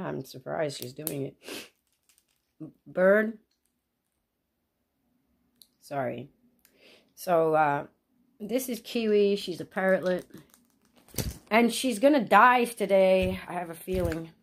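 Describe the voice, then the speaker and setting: A woman's voice: low voice, normal speed, gravelly, a little mellow, a little hiss or hum. A sick woman making a casual ASMR video at home, chatting and getting distracted by her pet bird. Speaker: ASMR vlogger.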